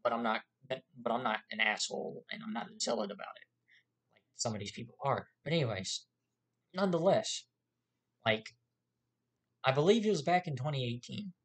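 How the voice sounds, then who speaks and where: A vlogger ranting to camera with a lot of swearing. The talk rambles with fillers and restarts, and the pitch jumps up sharply when angry. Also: moderate pace, long pauses. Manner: profane, heated ranting.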